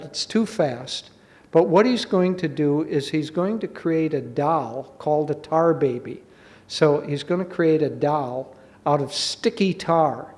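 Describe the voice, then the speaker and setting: Measured, slow-talking male spiritual teacher. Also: on the high side. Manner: slow, measured, gently explaining. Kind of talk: spiritual talk with storytelling. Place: college hall.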